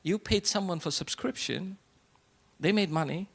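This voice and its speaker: A man's voice: high voice, normal speed, gravelly, a bit bright. A middle-aged man giving a motivational speech to a live audience at a business networking event, asking rhetorical questions and repeating short punchlines. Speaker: event speaker. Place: event hall before an audience.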